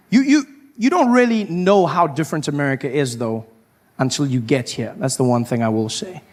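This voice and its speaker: A man performing stand-up comedy, telling stories in an animated way and acting out voices along the way. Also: a little high. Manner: animated storytelling, lots of acted-out voices.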